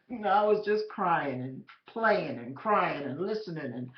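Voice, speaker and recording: A woman recounts her own faith story in an unhurried, emphatic way, speaking straight to the listener. Her pitch swings widely as she talks. The recording sounds roomy and a little muffled. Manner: animated and emphatic, addressing the listener directly. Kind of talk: personal testimony storytelling. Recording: roomy, slightly dull recording.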